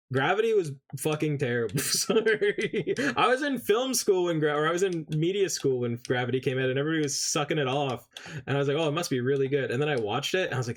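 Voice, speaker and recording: A man who spent his early childhood in England, streaming and chatting casually, ranting with lots of swearing and greeting viewers. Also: mid-range voice. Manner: profane, animated ranting. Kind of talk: casual live-stream chat.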